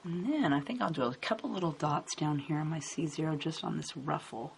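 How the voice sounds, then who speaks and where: Low, gravelly-voiced woman tutoring calmly. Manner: calm, unhurried narration of each stroke. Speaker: card-making instructor. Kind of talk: step-by-step coloring tutorial voice-over. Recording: faint hiss in background.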